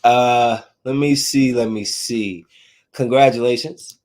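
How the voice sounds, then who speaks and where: A man's voice: fairly low pitch, moderate pace, creaky. A man hosting a casual solo podcast, talking bluntly and loosely, repeating himself and using slang. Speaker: podcast host.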